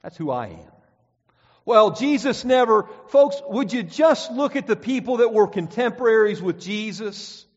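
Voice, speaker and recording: A man preaching a sermon, reading scripture aloud and pressing his points with emphatic, rising and falling delivery. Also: sits high. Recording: dull sound with long hall reverb.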